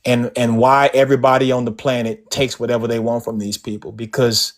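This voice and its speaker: A man's voice: medium pitch, level tone, fairly quick. A man making a blunt, emphatic closing point in a live debate. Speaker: debate panelist.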